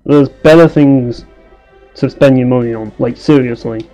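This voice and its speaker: Casual gameplay commentary from a young let's play commentator: sarcastic, ranting, and full of swearing. His mid-range voice is warm and unhurried. Faint music sits behind him, and the highs are cut off.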